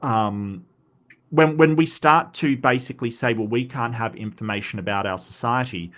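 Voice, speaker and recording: Reading posts out loud while hosting his stream, an Australian man chats in a casual, lively way, his pitch leaping quickly and his speech full of fillers and false starts.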